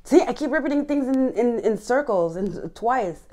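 A woman reading tarot cards to her viewers, gushing and excited, often repeating words and letting out sighs and laughs. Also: a little high, normal speed. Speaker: tarot reader. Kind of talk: casual tarot reading to camera.

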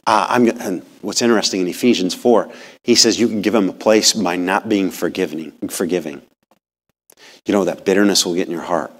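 A man preaching a sermon in church in a folksy, animated way, often asking the congregation questions. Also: low-pitched, brisk. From rural upbringing. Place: church sanctuary.

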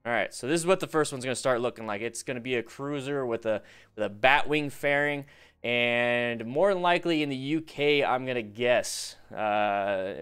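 Smooth-voiced man hosting a live stream. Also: medium pitch, fairly bright tone. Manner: chatty, reads viewer questions and gives riding advice; upbeat, hypes the chat for likes. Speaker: live-stream host reviewing motorcycle videos. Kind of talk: casual live-stream commentary.

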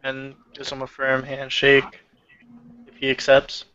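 A man playing a tabletop game, narrating his character slowly and hesitantly, on a dull lo-fi recording. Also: mid-range voice, completely flat delivery, bright, forceful tone, smooth. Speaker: player.

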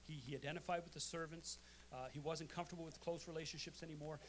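Pastor guy preaching in church, kinda high voice, punchy, keeps asking amen. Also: steady tone, fast, slight background noise. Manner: emphatic, calls out "amen?" to the congregation. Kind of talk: sermon. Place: church sanctuary.

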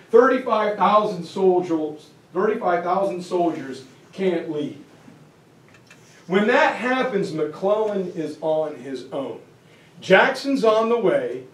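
A man giving a casual, animated history lecture to parents, acting out historical figures along the way. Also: high-pitched. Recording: echoey hall, voice from far off.

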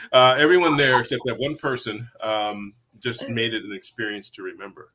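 A man's voice: moderate pace, hardly any pauses. A middle-aged man, an actor, telling stories in a casual interview, acting out quoted voices and laughing often. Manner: animated, acts out quoted voices with big pitch jumps; laughs often while talking. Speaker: actor guest.

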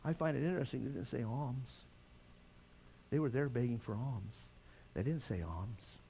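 An older man preaching a sermon as pastor, impassioned, swinging from loud cries to quiet intensity. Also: medium pitch, moderate pace, gravelly, a little hiss or hum.

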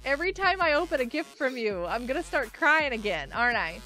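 A woman's voice: high voice, very animated, brisk, bright, forceful tone. A woman streaming a game live, chatting casually, gushing thanks to viewers and giggling often.

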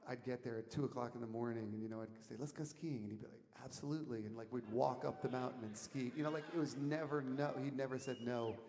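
A man telling a rambling story from the stage of a concert hall, animated and laughing, shouting out the lines he quotes. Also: mid-range voice. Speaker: musician telling stories on stage. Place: concert hall, live audience. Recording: audience tape in a reverberant hall, faint noise.

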